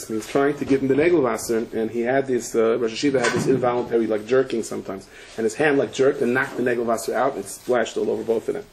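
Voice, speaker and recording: A man, a rabbi, giving a Torah lecture full of stories and Hebrew and Yiddish terms. He tells them with animation and breaks into shouts at the punchlines. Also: mid-range voice, slight background noise, poor audio. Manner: sprinkles Yiddish and Hebrew terms, frequent restarts.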